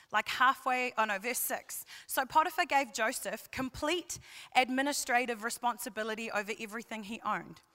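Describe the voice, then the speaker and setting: Woman preacher, emphatic sermon, bright sharp voice, reverberant hall. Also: on the high side. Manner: emphatic, repeats key phrases, builds to passionate shouting.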